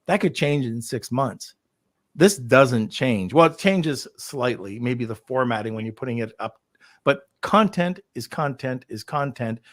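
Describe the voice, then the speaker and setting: A man's voice: mid-range voice, animated, unhurried, no room sound, clean studio sound. A man hosting a podcast, chatting casually and upbeat with lots of fillers over a remote call. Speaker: podcast host.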